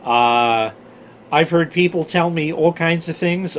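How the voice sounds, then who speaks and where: A man's voice: fairly high pitch, slow, a bit bright, slight background noise. A man in his forties telling old stories in a casual, rambling way, swearing freely and drifting off on side tangents. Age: 40s. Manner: chatty, swears freely, digresses. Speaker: storyteller host.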